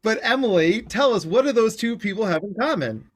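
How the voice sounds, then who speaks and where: A man's voice: high voice, animated, fairly quick. A man hosting a podcast as a clinical psychologist, in casual interview talk, playful and joking with rambling asides.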